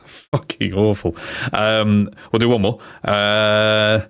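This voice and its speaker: A young man streaming casually, swearing freely and laughing as he reads out silly chatbot jokes in a higher mock voice. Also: fairly even intonation, slow, long pauses, no room sound, studio quality. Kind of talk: casual livestream chat.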